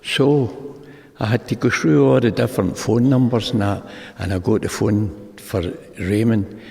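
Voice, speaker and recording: An older Scottish man shares his testimony in a big meeting hall. His voice is low and gravelly, and it rings out in a long reverb. He rambles from one anecdote to the next and acts out each exchange. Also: steady tone, unhurried, dark tone. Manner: rambling storyteller who acts out the dialogue. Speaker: speaker sharing at a recovery meeting. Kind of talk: personal testimony talk.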